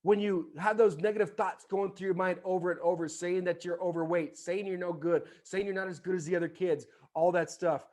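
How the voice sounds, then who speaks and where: Man in his 40s, higher voice, animated storyteller, acts out dialogue. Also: fairly quick, hardly any pauses. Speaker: podcast guest, former baseball player. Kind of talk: storytelling in casual conversation.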